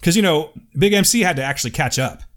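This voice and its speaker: A man's voice: fairly high pitch, lively intonation, quick pace, fairly bright tone. A man hosting a podcast, chatting casually, teasing his co-host and reading listener emails. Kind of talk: casual chat.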